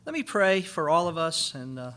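A man's voice: on the high side, very animated, normal speed, bright, forceful tone. A man giving an earnest, pastoral conference talk on biblical counseling, with frequent filler words.

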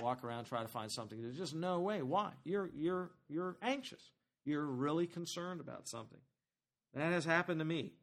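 A man preaching a sermon as pastor, talking to the congregation in a conversational, animated way and asking them questions. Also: on the high side.

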